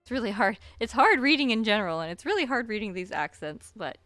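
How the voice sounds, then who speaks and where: A woman streamer reading a story aloud at a slow, deliberate pace, with chatty asides. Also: fairly high pitch, big pitch swings, bright, forceful tone, no room sound, soft background music.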